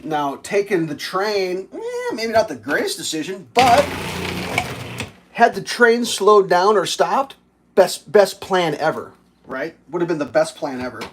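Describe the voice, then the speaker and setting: Rambling man telling a story, slightly high voice. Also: big pitch swings, a little slow, fairly bright tone, slight background noise. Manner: rambling, profane, laughing storyteller. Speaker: livestream host. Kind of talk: casual storytelling while cooking.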